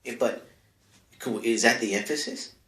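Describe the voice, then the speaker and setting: A man's voice: medium pitch, moderate pace, creaky, bright, forceful tone. A man hosting a comedic advice segment, talking in a rambling, offhand way full of asides, close to the mic in a small home studio. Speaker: comedic advice-column host. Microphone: close microphone. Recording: echoey bare room.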